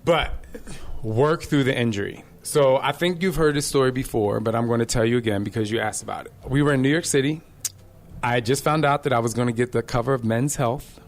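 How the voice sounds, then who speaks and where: Lively man telling stories on a live podcast. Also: mid-range voice, a little fast. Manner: lively and direct, addresses listeners casually; animated storyteller with laughing asides. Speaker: podcast host and fitness trainer. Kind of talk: live podcast talk to an audience. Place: live event venue.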